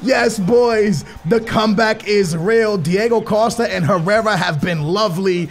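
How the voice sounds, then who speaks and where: High-pitched gravelly gamer shouting at goals. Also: male voice, normal speed, hardly any pauses, soft background music. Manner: excitable, bursts into shouting at goals; drops to low muttering while concentrating. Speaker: gaming YouTuber. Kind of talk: live gameplay commentary.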